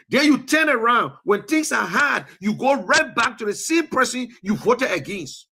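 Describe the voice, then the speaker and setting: A man's voice: very high-pitched, big pitch swings, moderate pace, gravelly, few pauses, pushed and bright, husky. A man speaking Liberian English, giving a passionate political commentary that rises into scolding peaks. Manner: preachy, rising to scolding peaks. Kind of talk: impassioned political talk show monologue. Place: lives in the US.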